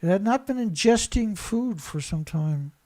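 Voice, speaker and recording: A man's voice: high-pitched, lively intonation, a little slow, darkish tone. A man giving a profane, sarcastic rant as he reads and mocks news reports. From Canada. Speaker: environmental commentator. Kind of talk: ranting commentary over news clips.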